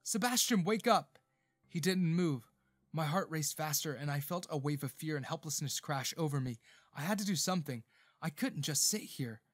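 Brief: male narrator, somewhat high voice, dramatic emotional storytelling, faint music bed. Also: moderate pace, no room sound, clean studio sound. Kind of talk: scripted first-person narration of a romance story.

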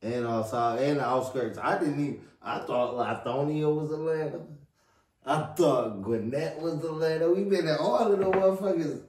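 A young man co-hosting a casual chat show, talking in laid-back slang and getting animated when he argues. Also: fairly high pitch, moderate pace. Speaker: podcast co-host. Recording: echoey room, distant mic.

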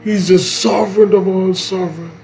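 A man leading a morning devotion, preaching slowly and emphatically and repeating key lines. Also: sits high, fairly even intonation, gravelly, dark tone, faint music behind, poor audio.

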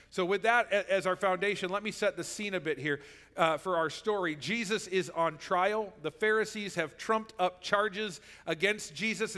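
A man's voice: high-pitched, pushed and bright, in a large hall. A man preaching a sermon as pastor, in a conversational way that keeps checking in with the listeners. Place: church sanctuary.

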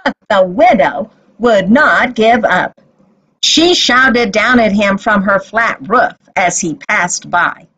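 A woman telling a Bible story to children as a teacher, with expressive storytelling. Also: medium pitch, takes it slowly, breathy edge, low-quality recording.

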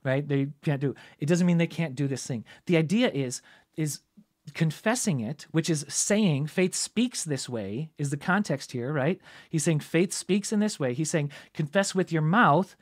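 A man teaching through a Bible passage in a relaxed, conversational way, thinking aloud and checking in with frequent asides. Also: fairly high pitch, measured pace. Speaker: preacher teaching scripture.

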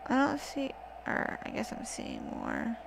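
A woman's voice: fairly high pitch, wildly swooping pitch, measured pace, creaky. A woman casually commentating her gameplay, swearing often and talking back to the zombies. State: wearing a wrist brace. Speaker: gaming channel host. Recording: noisy home recording.

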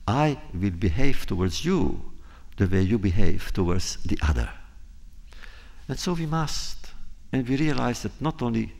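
A man giving a public talk, unhurried, telling a true story and acting out quoted dialogue, often repeating phrases for emphasis. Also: sits low, creaky, breathy edge. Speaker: guest speaker.

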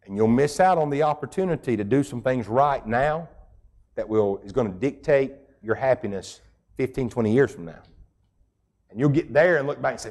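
A man's voice: mid-range voice, animated, moderate pace, a little mellow. Folksy, emphatic preaching man. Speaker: pastor. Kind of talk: sermon.

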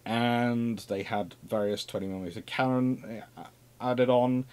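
A man giving an informal naval history lecture in a lively, conversational way, with asides and repeated phrases. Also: mid-range voice, a little slow, clear, resonant tone.

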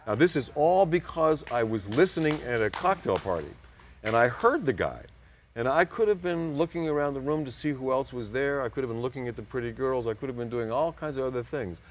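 A man's voice: mid-range voice, expressive, fairly quick, a little hiss or hum. An older man being interviewed as a guest, telling long, rambling anecdotes and acting out other people's voices. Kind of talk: casual storytelling interview.

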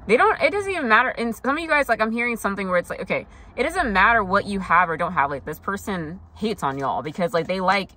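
A woman's voice: mid-range voice, lively intonation, fast talker, few pauses, pushed and bright. A young woman doing a casual tarot reading, talking loosely with lots of fillers and frank swearing. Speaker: tarot reader.

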